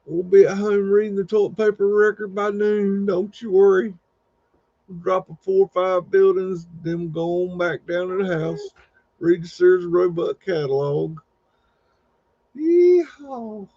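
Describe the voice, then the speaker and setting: Brash folksy demolition worker, high and loud, put on by a man; dull lo-fi sound. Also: a little slow, dry recording. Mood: boastful. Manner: loud drawling shouts of warning.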